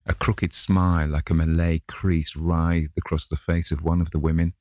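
A man narrating a classic novel in a measured way, lightly voicing the characters. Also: a bass voice, little pitch movement, dry recording, clean studio sound. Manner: measured reading, gently voices each character. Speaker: audiobook narrator.

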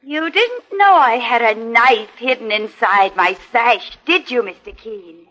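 An actress playing a hateful, unstable woman in a 1950s radio drama, halting one moment and gloating the next. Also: fairly high pitch, lively intonation, pushed and bright, lo-fi sound. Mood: menacing. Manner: halting, then gloating and menacing. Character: unhinged, hate-filled younger sister with a knife.

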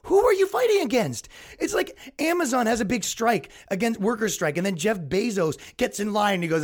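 A man's voice: very high-pitched, very animated, brisk. A young man hosting his own podcast, ranting in an exasperated comedic way and mocking people in put-on voices. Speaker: podcast host. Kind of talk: solo comedic rant.

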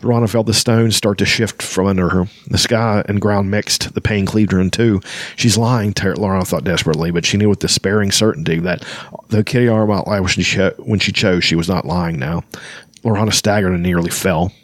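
A man's voice: deep voice, fairly even intonation, brisk, hardly any pauses, dry recording. A man hosting a podcast, reading a novel aloud with loose, chatty asides and frequent self-corrections. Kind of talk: book reading with casual asides.

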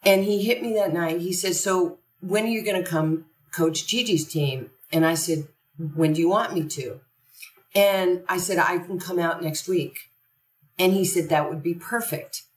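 A woman's voice: lowish voice, a little slow. A woman, a podcast guest, telling a story conversationally and animatedly, acting out quoted dialogue. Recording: roomy echo from a distant mic.

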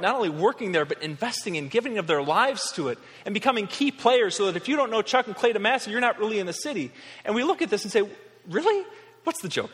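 A pastor in his thirties from Western New York delivers a sermon, his voice sitting a little high for a man. He sounds earnest and conversational, with touches of wry humor. A long reverb trails his words through a large church hall. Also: fairly bright tone.

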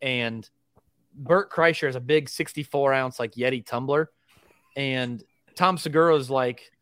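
A man co-hosting a casual sports podcast, with a mid-pitched voice. He tells stories with energy and acts out the quotes. His voice sounds dry and close. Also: unhurried, clear, resonant tone, no echo. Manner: animated storyteller, acts out quotes. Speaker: podcast co-host.

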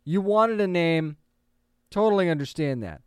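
Casual male entertainment host, thirties to forties, smooth clear tone, opinionated chatter. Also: fairly high pitch, expressive, no room sound, clean studio sound. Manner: chatty, opinionated, quick asides. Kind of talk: casual commentary.

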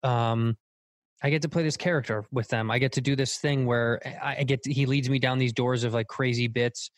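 Brief: male comedian guest, rapid rambling talk, candid, dry close mic. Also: mid-range voice, steady tone, dry recording. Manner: fast, rambling, frank. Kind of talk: casual podcast chat.

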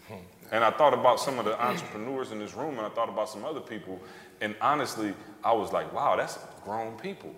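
On a stage before a live audience, a man in his thirties, an author and podcast co-host, tells a story and animatedly acts out the quotes. His voice is medium in pitch and fairly bright, with roomy hall reverb around it.

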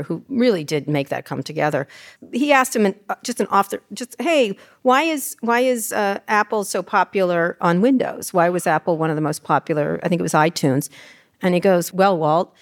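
Blunt, fast-talking woman telling stories. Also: on the low side, gravelly. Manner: fast, irreverent, profane anecdotes with impressions. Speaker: host and memoir author being interviewed. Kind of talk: candid storytelling on stage. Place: live event stage.

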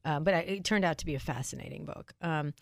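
A middle-aged woman guest in an interview, talking fast and emphatically, cutting herself off and laughing often. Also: sits low, no echo, clean studio sound. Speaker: interview guest, tech journalist. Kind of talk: casual interview chat.

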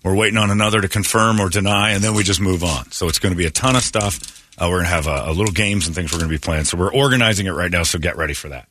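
A man's voice: low-pitched, very fast, a bit bright. A man hosting a morning radio show, rambling through announcements and teasing his co-host. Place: radio studio.

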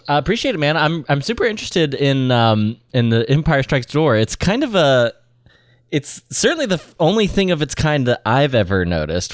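A man's voice: medium pitch, dry recording. A man hosts a podcast interview, asking questions with keen, upbeat energy. The recording is dry and close, with no room sound. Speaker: podcast host interviewing a guest.

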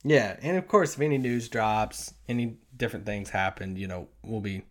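A man's voice: lowish voice, normal speed. A man co-hosting a sports podcast, talking loosely with lots of "like" and easy laughs. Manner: relaxed, many "like" fillers, easy laughs. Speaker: podcast co-host. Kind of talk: casual sports podcast chat.

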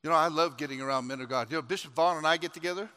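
A man preaching a sermon. He tells a folksy story and builds up to shouted exhortations. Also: on the high side, rapid-fire, clean tone. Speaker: pastor. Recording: long hall reverb.

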